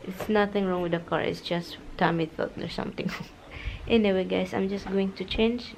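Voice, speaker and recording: A Filipino-accented woman vlogging casually at home, chatty and quick to laugh, with non-native grammar. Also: medium pitch, fairly even intonation, vocal fry, a little mellow, a little hiss or hum. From Philippines. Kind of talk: casual home vlog chat.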